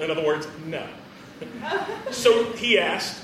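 A man gives a casual, joking sermon, chuckling between phrases in a fairly high voice. He sounds distant from the mic. The very echoey hall carries his voice, with faint room noise behind him. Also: very animated, takes it slowly, long pauses, fairly bright tone. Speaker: preacher.

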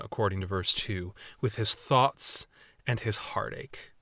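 Guy preaching a sermon, bright clear voice, earnest and measured, dry close sound. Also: medium pitch, dry recording. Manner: measured, earnest preaching, reads scripture aloud. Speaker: pastor.

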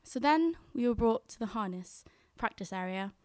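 A woman's voice: on the high side, expressive, moderate pace, darkish tone, dry recording, studio quality. A young woman telling a personal story on stage, chatty and quoting her own thoughts.

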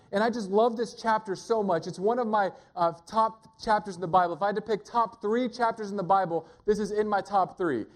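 A man with a notably high voice preaches a Sunday sermon to a church gathering. He talks in an easygoing, joking way, and slows down to lean on single words when he makes a point. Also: darkish tone. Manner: conversational and joking, pauses to stress single words. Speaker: pastor.

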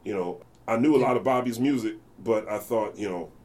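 Speaking briskly in a fairly low voice, an American jazz bassist guest spins anecdotes during a casual interview. He's animated, imitating the voices of the people in his stories.

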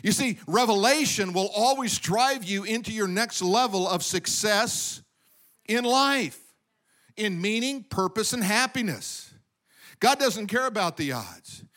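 A man's voice: high-pitched, animated, measured pace, a bit bright. A man preaching a sermon to his congregation, emphatic and calling for amens. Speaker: pastor. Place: church sanctuary with congregation.

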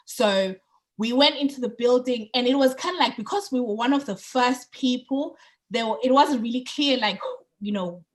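A woman co-hosting a podcast in casual chat, chatty and getting excited on politics, with lots of fillers and restarts. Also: fairly high pitch, moderate pace. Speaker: podcast co-host.

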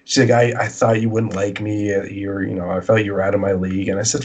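A man's voice: lowish voice, flat delivery, quick pace, a little mellow, breathy edge. A man casually telling a long personal story, acting out both sides of the dialogue in a rambling way.

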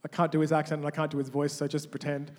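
High-voiced male pastor in a hall. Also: rapid-fire. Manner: animated, repeats words when restarting. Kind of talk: sermon with call-and-response. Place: large church hall. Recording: long hall reverb.

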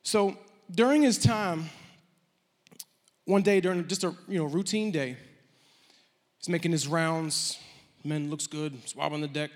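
A preacher spinning a story from the pulpit in a relaxed, joking way, somewhat high for a man. His voice carries a long church hall reverb. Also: measured pace, pauses often. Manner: casual, joking, self-deprecating. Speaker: pastor. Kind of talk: sermon storytelling.

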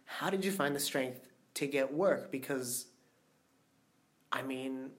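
A man's voice: mid-range voice, takes it slowly. A man hosting an interview, asking curious, empathetic questions and laughing easily. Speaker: interview host. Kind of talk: conversational interview.

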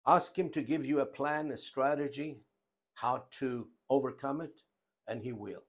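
A man preaching a sermon, emphatic, with his loudness rising and falling and his phrases slow and deliberate. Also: medium pitch.

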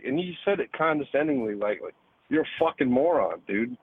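A man's voice: medium pitch, sing-song, moderate pace, breathy edge, dry recording. A man calling in to a talk show, ranting heatedly and profanely, ending phrases with "man" and "dude". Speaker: caller. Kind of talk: heated call-in rant. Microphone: phone. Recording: phone-line audio.

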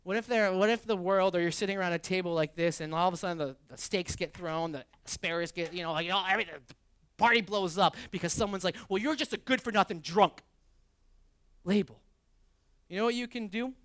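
A male pastor preaching a sermon, swinging from hushed, earnest stretches to loud, animated shouting. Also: high-pitched, quick pace, smooth, dry recording, clean studio sound. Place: church sanctuary.

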